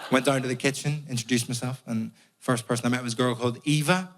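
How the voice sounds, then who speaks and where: A man's voice: medium pitch, steady tone, fast, slight background noise. A young man from Northern Ireland with a Belfast accent, telling stories in a stand-up set and swearing freely. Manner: swearing, storytelling. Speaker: stand-up comedian. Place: comedy club stage. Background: audience laughter.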